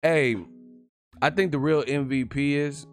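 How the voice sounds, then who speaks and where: A man hosting a live stream, giving casual, profane fight commentary, animated and quick to laugh. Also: a little high, soft background music. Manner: animated, profane, laughing, breaks into yelled impressions.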